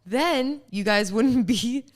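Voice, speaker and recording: A woman co-hosts a podcast in casual conversation, lively and often laughing as she acts out little bits. Her voice is on the high side and her pace slow.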